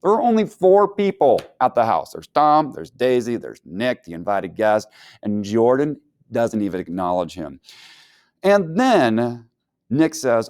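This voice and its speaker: A man teaching a casual book review lesson, animated and acting out characters' lines. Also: medium pitch, moderate pace, no room sound, clean studio sound.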